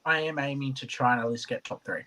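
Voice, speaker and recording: A man's voice: mid-range voice, quick pace, bright, forceful tone, rough recording. A man giving earnest interview answers, full of stumbling restarts. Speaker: competitor.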